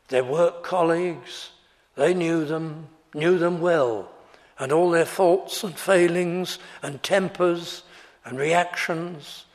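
A male preacher delivers a sermon slowly and deliberately, leaning on each phrase. His voice sits a little high for a man and swells with fervent emphasis. The sound carries the long reverb of a large church. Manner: measured, earnest preaching, rising to fervent emphasis. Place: church before a congregation.

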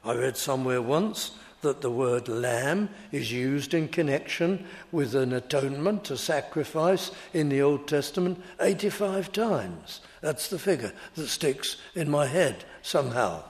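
A man preaching an expository sermon, deliberate and emphatic, leaning hard on key words. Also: medium pitch, lively intonation. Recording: long reverb of a large hall.

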